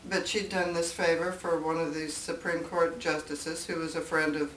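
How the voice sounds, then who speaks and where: Lively older woman telling stories. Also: sits low, normal speed. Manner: chatty, animated, acts out quoted voices with laughs. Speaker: guest speaker. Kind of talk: casual storytelling talk. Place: meeting room. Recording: far-off mic in an echoey room with faint noise.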